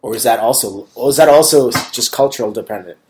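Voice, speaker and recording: A man's voice: mid-range voice, fast, a little mellow, slight background noise. A man in casual conversation, asking questions with many fillers and restarts.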